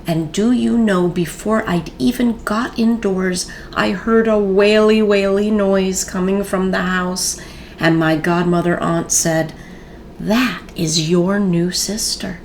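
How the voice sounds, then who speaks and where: A woman reading a children's story aloud in a gentle storytelling manner with expressive pauses. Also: mid-range voice, slight background noise.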